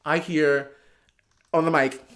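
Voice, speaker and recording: A man guest on a chat show, telling a casual story in an excitable, gushing way with many fillers. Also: a little high, takes it slowly. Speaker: podcast guest, drag performer.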